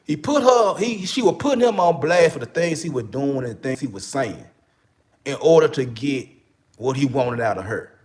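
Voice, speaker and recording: He's an online relationship coach, a Memphis, Tennessee native with the accent to match, still shaking off a cold as he addresses viewers in slangy, casual talk. "You know what I'm saying" comes up again and again in his medium-pitched, expressive, slightly mellow voice at a moderate pace.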